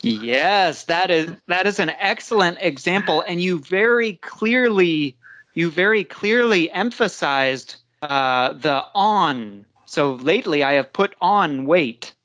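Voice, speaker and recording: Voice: mid-range voice, slow, fairly bright tone, no echo. An English teacher giving a live online lesson, explaining patiently and often restarting sentences.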